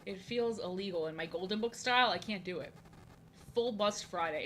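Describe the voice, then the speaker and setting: Bright-voiced woman yapping on her drawing stream, repeats herself a lot, jokes at her own expense. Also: medium pitch, normal speed, a little hiss or hum, rough recording. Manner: rambling, self-mocking, repeats herself. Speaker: art streamer. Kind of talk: casual live-stream chat while drawing.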